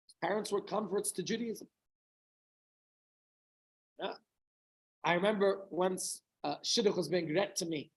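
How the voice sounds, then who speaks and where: A man's voice: high voice, measured pace, pauses often, breathy edge, rough recording. A middle-aged man, a rabbi, giving an informal talk to a small group, telling a story with chatty asides and questions to his listeners.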